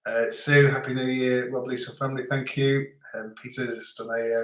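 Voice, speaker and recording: A man's voice: mid-range voice, level tone, moderate pace, few pauses. A middle-aged man hosting a live stream, chatting casually and rambling as he reads out viewer comments. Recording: echoey room.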